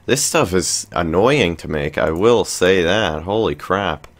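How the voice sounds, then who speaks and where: A man's voice: low voice, expressive, measured pace. A young man hosting a let's play, thinking aloud in casual commentary with lots of fillers and restarts.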